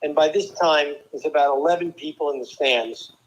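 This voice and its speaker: An older man from New Jersey, a former tennis player and guest, telling lively stories with quick asides and restarts. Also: a little high, muffled recording. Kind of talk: casual storytelling interview.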